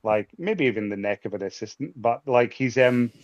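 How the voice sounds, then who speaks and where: A man's voice: mid-range voice, animated, normal speed, muffled recording. A man co-hosting a podcast, swearing freely and talking emphatically. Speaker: podcast co-host. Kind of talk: casual chat.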